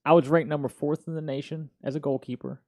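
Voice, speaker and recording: A man in his thirties hosting a casual talk show, telling a story in an animated, slangy way. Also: fairly high pitch, fast talker. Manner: slangy, animated, peppered with "dude" and "yo". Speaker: podcast host.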